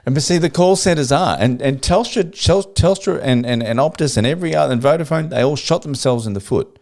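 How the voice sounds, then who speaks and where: A man's voice: fairly high pitch, quick pace, gravelly, darkish tone. A man, co-hosting a podcast in a chatty, jokey way, acting out phone calls. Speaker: podcast co-host. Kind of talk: casual chat.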